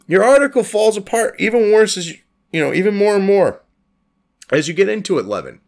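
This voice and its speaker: Casting: a man with a high, gravelly voice for a foul-mouthed, scornful news commentary host. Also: very animated, a little fast. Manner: profane, scornful, mocking. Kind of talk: ranting commentary on a news article.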